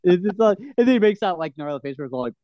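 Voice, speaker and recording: A man's voice: sits high, very animated, fast talker, no room sound, dull audio. A man casually and enthusiastically retelling film scenes, rambling with restarts.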